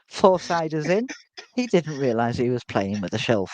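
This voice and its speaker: A man's voice: high-pitched, lively intonation, a little fast, darkish tone, no echo, low-quality recording. Chatty British man with a dry sound. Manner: chatty, laughs often. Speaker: livestream host. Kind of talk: casual livestream chat. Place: beach hut.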